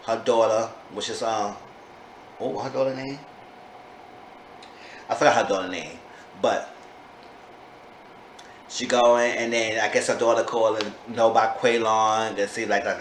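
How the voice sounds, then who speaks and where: A man giving a casual, gossipy recap of a reality show episode. He sometimes breaks into sudden high-pitched disbelief. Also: a bit bright. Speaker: TV show reviewer. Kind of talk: casual chatty recap vlog. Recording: echoey room with faint background noise.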